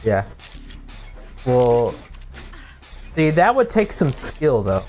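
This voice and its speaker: A man's voice: mid-range voice, huge pitch swings, drawn-out words, a little mellow, lo-fi sound, slight background noise. Rambling, cursing young man. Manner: rambling, swears often, fillers like "like". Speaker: gaming streamer. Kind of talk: casual chat while playing a game. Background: music.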